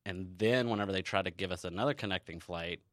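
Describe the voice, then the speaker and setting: A man with a somewhat low voice tells a travel mishap in relaxed conversation. He slips into voices for the people he quotes, getting louder and livelier. The sound is dry and close. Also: quick pace, dry recording. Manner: animated storyteller, acts out quoted people. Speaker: guest telling a travel story. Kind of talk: casual chat.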